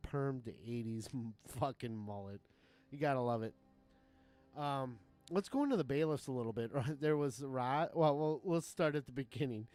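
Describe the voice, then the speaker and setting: A man's voice: mid-range voice, darkish tone. Profane, rambling male streamer. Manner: rambling, profane, chuckling often. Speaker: game streamer. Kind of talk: casual live-stream chat. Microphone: desk mic.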